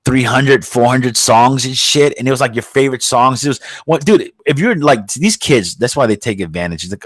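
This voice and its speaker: A man hosts a podcast, ranting bluntly and swearing freely. His voice sits at an ordinary pitch and is recorded dry, with no room sound. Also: animated, a little fast, hardly any pauses, a bit bright, slightly rough, no room sound. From New York. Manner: profane, blunt, heated ranting. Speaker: podcast host. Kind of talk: casual podcast rant.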